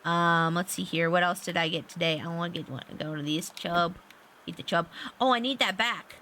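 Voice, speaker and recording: A woman streaming a farming game, chatting casually and getting excitable and squealy over every find. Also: fairly low pitch, normal speed, slight background noise. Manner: bubbly, excitable, squeals at finds. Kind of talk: casual gameplay stream chat.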